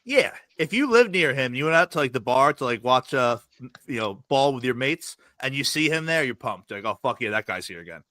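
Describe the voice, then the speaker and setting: A man's voice: mid-range voice, expressive, pushed and bright, dry recording. A man who is a guest on a podcast, chatting casually and telling profane stories at speed, often laughing. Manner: fast, profane storytelling with bursts of laughter.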